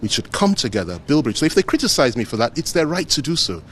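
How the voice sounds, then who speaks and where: A man's voice: mid-range voice, very animated, fast talker, fairly bright tone, a little hiss or hum. A man giving an earnest, emphatic press statement, repeating phrases for weight. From Nigeria. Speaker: politician speaking to the press.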